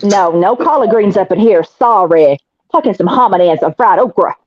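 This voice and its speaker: A woman's voice: medium pitch, lively intonation, a little fast. Teasing woman on a lo-fi stream. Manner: loud, teasing, drawling jokes. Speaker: stream host. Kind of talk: casual livestream banter. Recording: dull lo-fi stream audio.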